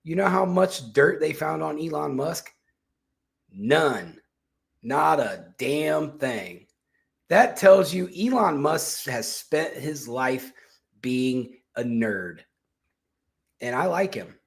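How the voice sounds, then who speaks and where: A man's voice: on the high side, big pitch swings, takes it slowly, gravelly. Blunt, sarcastic male political commentator. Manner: sarcastic, blunt and mocking, with swearing; rambling with restarts and asides. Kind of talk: casual opinion monologue.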